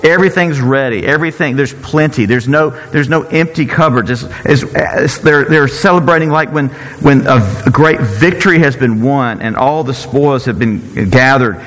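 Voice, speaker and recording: A man preaching a sermon in an earnest, halting way, often repeating words as he searches for the next one. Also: mid-range voice, a bit bright, big-room sound, rough recording.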